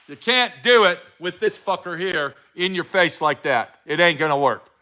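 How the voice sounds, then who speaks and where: Middle-aged guy ranting on his vlog, swears constantly, high bright voice. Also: expressive, normal speed. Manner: blunt, heavy swearing, preachy. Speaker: vlogger giving a motivational talk. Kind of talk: profane casual motivational rant.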